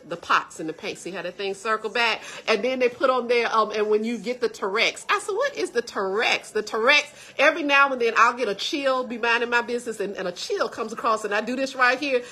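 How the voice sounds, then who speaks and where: Middle-aged woman, church livestream co-host: animated, laughing, bright and forceful tone. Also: a little high. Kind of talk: casual chat reading viewer comments.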